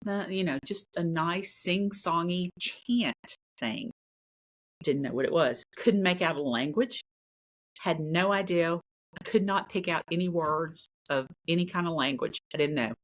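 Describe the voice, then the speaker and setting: A woman with a fairly low voice recounts a paranormal encounter in a casual, earnest manner. She circles back on her phrases for emphasis as she talks. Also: unhurried. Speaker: paranormal investigator guest. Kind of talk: casual storytelling.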